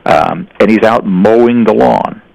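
Gravelly older man, folksy storyteller. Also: lowish voice, a little slow, darkish tone, rough recording. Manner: rambling, restarts sentences, folksy anecdotes. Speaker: guest. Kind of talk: storytelling in casual conversation.

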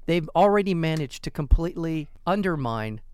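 A man's voice: on the high side, lively intonation, moderate pace, darkish tone, smooth, no echo. A man co-hosting a casual comedic news chat, giving emphatic, indignant commentary. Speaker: co-host.

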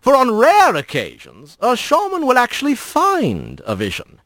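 A man's voice: extremely high pitch, huge pitch swings, unhurried, fairly bright tone, no room sound, voice pushed up, heavily acted. A man doing a sly, courtly old fox with a lilting voice. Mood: teasing. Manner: lilting accent, formal and sly. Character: old scarred male kit fox trickster, courtly.

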